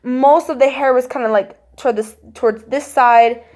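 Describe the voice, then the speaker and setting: A young woman casually recounting a spooky childhood story, acting out voices and gestures and dropping to a hush at tense moments. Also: sits high, moderate pace. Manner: animated, acts out voices and gestures; drops to hushed tones at tense moments.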